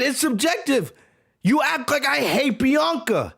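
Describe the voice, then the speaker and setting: A man with a very high voice rants heatedly on his podcast. His pitch swings widely as he argues. He hammers points through repetition and shouts back at his chat. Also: very animated, a little slow, vocal fry. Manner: repeats words for emphasis. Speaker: podcast host. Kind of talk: heated wrestling review rant.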